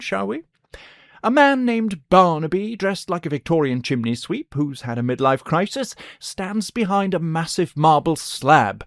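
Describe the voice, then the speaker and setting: A man's voice: on the high side, no echo, studio quality. Sardonic man ranting on radio. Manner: sardonic, exasperated, theatrical. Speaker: radio host. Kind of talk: scripted comic rant.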